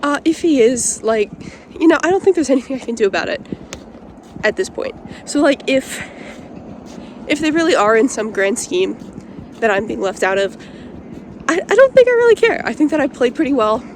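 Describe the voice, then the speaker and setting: A woman's voice: sits high, very animated, moderate pace, slight background noise. A young woman in a car giving a casual, hesitant reality-show confessional. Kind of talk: confessional to camera.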